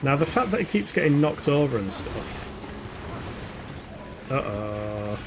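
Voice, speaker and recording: With music in the background, this Yorkshire-accented streamer talks a bit slowly, his medium-pitched voice swinging widely up and down. He's joking around live as he plays a video game and responds to viewers in chat.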